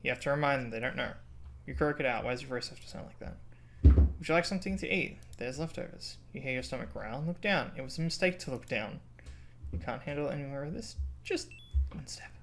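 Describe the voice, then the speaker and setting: Sweary streamer, subdued reading, loud outbursts. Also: expressive, quick pace, vocal fry, a little hiss or hum. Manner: reads game text in a low, subdued tone, then breaks into loud, sweary outbursts; frustrated, pleading with the game. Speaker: streamer playing a narrative game. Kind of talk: live let's-play, reading game text aloud.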